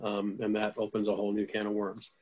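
A man's voice: on the low side, monotone, fast, dull audio. A man hosting a podcast interview, earnest and open about getting emotional as he wraps up. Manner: warm, earnest, gets emotional. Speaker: podcast host. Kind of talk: casual interview chat.

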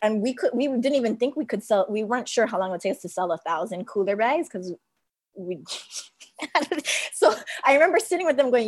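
A woman telling a story with lots of laughter, casual and animated, as a guest shop owner. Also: on the high side, brisk.

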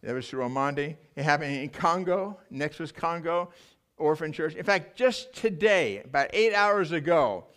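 High-voiced older man preaching a story-driven sermon. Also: normal speed. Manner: animated, emotional storytelling with restarts. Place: church.

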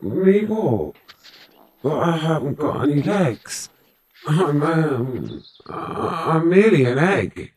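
A man's voice: on the high side, very animated, slow, darkish tone, heavily acted. A man playing a feverish, delirious crew member who rambles nonsense in an amateur audio drama. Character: delirious, confused sick male crew member.

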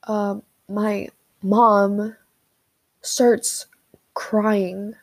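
A young woman talks through her feelings in a slow, unhurried way, pausing often and trailing off mid-thought. She sounds unscripted and halting. The recording is a phone voice memo. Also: medium pitch, level tone. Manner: halting, unscripted, with many fillers and pauses. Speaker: vlogger. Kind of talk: personal venting monologue.

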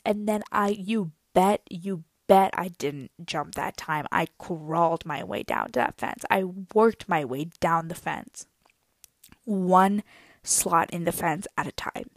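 A young woman chats straight to her viewers, telling a story with lots of drama and playful self-mockery. Her voice sits at a middle pitch and is recorded close and dry, with no room sound. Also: a little slow, no room sound. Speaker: vlogger.

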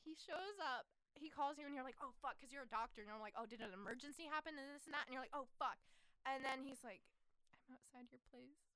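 A young woman co-hosting a casual chat, retelling a story in an animated way and acting out each character's lines, swearing and laughing often. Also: high-pitched, quick pace, smooth, dry recording. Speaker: podcast co-host.

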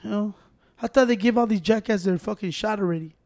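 A man's voice: sits high, quick pace, vocal fry, darkish tone. A man, trading crude, mocking banter with friends and slipping into Spanish. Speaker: friend in group chat. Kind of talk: casual profane banter.

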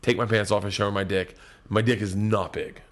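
A middle-aged man telling wild stand-up stories in a casual, profane talk, swinging between loud and hushed. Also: on the low side, fairly even intonation, brisk. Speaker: guest comedian. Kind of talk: casual podcast storytelling.

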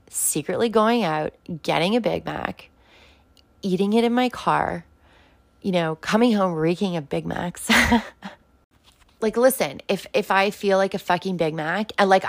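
A woman's voice: medium pitch, no room sound. Blunt, profane young woman, dry close sound. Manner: blunt, profane, heavy use of "like". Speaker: vlogger talking about sobriety. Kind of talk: casual direct-to-camera rant.

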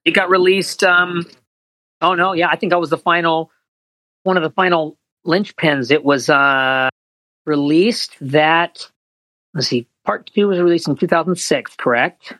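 A man being interviewed as a voice actor, telling animated anecdotes and acting out quotes in higher voices. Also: measured pace, dry recording, low-quality recording. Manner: animated storyteller, acts out quotes in high voices. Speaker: voice actor guest.

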